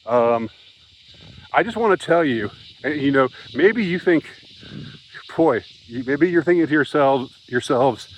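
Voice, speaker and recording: A man speaks straight to camera in a rambling, agitated rant. His voice sits at an ordinary middle pitch, and he often stops and restarts his sentences as he works himself up. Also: lively intonation, a little hiss or hum, low-quality recording. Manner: agitated, halting, repeats himself. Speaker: vlogger. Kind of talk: ranting monologue to camera.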